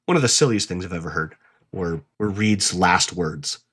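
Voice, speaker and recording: A man's voice: low-pitched, moderate pace, a bit bright, breathy edge. A man hosting a casual commentary video essay, talking bluntly and swearing freely.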